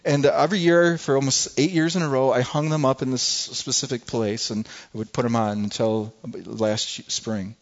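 A man preaching a sermon, telling a folksy, animated personal story with frequent restarts. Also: mid-range voice, moderate pace, hardly any pauses, dull audio. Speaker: pastor.

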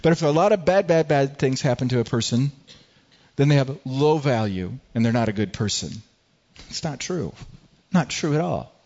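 A male pastor preaching a sermon, animated and telling a personal story with frequent stammered restarts. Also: medium pitch, moderate pace, gravelly, muffled recording.

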